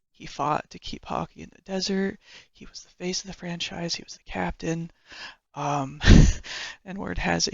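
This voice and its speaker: A woman's voice: on the low side, creaky, dry recording, lo-fi sound. A woman who is a hockey fan vlogger, chatting enthusiastically and a bit rambly about players, often correcting herself. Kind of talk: casual fan commentary.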